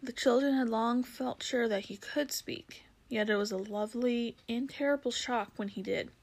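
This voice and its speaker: A woman reading a storybook aloud, calm and measured. Her delivery is gentle and unhurried, with the odd small slip she corrects as she goes. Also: on the high side. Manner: measured, gentle, occasional slips. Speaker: reader.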